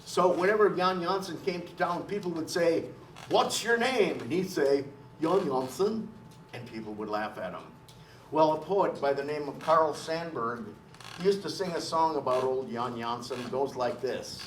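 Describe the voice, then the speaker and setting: A man's voice: a little high, moderate pace, a little hiss or hum. A man, a folk singer and storyteller, talking in a folksy, colloquial way during a live music program for an audience. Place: live performance space with audience. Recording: roomy live recording, mic at a distance. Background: banjo and dulcimer playing.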